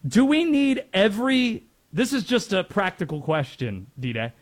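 A man's voice: high voice, big pitch swings, moderate pace. A man from North Carolina hosting sports talk radio in a chatty way, laughing easily and wandering into asides.

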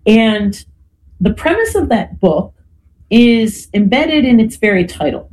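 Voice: mid-range voice, animated, slow, darkish tone, poor audio. Guest explaining history, leaning on "right?". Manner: peppers speech with "you know" and tag "right?". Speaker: podcast guest.

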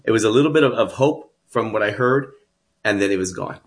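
A man's voice: lowish voice, a little fast. A man from Texas telling his life story as a guest, earnest and emphatic. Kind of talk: personal storytelling.

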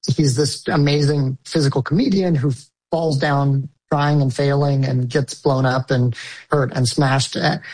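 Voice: mid-range voice, steady tone, a little slow, a little mellow, rough recording. Thoughtful filmmaker in an interview. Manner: thoughtful, searching for words with restarts. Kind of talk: interview answers.

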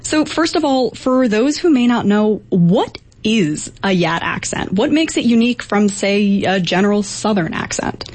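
A woman's voice: mid-range voice, lively intonation, measured pace, hardly any pauses, darkish tone. A woman reporter asking brief, inquiring interview questions.

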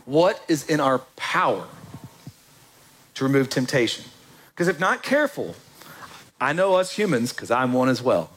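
A man's voice: mid-range voice, husky. A male pastor preaching a sermon, acting out quotes and questions with lots of energy. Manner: animated, acts out quotes in voices.

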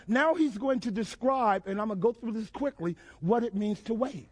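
A male pastor preaching a sermon, quizzing the congregation and building to emphatic shouts. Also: very high voice, normal speed. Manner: call-and-response questions to the congregation, emphatic shouted build-ups.

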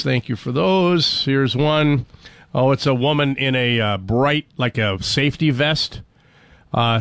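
A man hosts a casual talk radio show, rambling and sarcastic, full of ums and asides. His voice is mid-pitched and sounds close and dry on the studio mic. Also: a bit bright, smooth, no echo. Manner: rambling, sarcastic, with many fillers.

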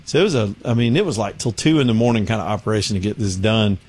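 A man's voice: lowish voice, animated, quick pace, darkish tone, slightly rough. A man hosts a radio talk show and spins loose, chatty stories. He slips into other people's voices as he tells them and laughs often, in an easy conversational tone. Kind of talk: casual chat.

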